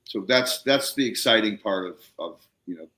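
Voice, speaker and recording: A man's voice: lowish voice, animated, normal speed, bright, forceful tone, reverberant. A man hosting a podcast, telling a story in a casual, slangy way and acting out both sides of phone calls. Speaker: podcast host.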